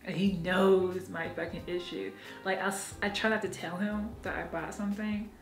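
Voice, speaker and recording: A woman's voice: on the low side, moderate pace, faint music behind. Frank, profane woman vlogging in a roomy space. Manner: frank, profane and animated, laughing at herself. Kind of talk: casual confessional vlog. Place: her apartment.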